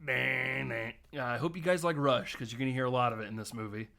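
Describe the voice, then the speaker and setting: A man co-hosting a casual film podcast, retelling scenes in an animated way with quick impressions and frequent laughs. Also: mid-range voice, gravelly. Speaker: podcast co-host.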